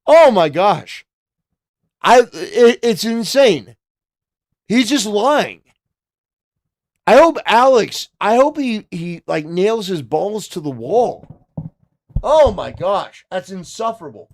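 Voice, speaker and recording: A man's voice: high-pitched, sing-song, slow pace, pauses often. A man hosting a reaction commentary, talking back at a clip with mocking, indignant remarks. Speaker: commentary host.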